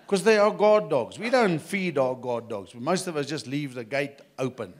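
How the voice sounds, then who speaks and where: High-voiced South African stand-up comic. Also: male voice, lively intonation, moderate pace, hardly any pauses. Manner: punchy, conspiratorial asides to the crowd, mock accents. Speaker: stand-up comedian. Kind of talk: live stand-up comedy. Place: comedy club stage with live audience.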